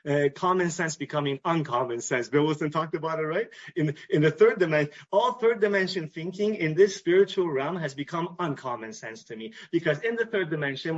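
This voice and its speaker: A man with a Canadian English accent giving an earnest personal talk at a recovery meeting, repeating phrases and pausing to restart. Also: on the high side. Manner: earnest, repetitive, with pauses and restarts. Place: meeting hall. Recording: dull lo-fi recording.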